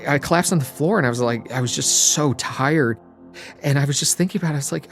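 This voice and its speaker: A man's voice: mid-range voice, fast talker, faint music behind. Reflective man telling his story. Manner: reflective, quietly emotional, sometimes trails to a whisper. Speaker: interviewee. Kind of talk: personal storytelling.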